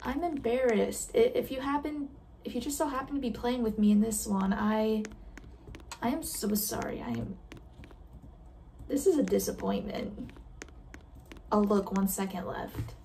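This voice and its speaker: A woman chatting casually while playing a game, self-deprecating and quick to giggle at her own mistakes. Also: on the high side, gravelly, mellow, recorded from a distance, a little hiss or hum. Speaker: gamer reacting to a game. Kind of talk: casual gameplay commentary.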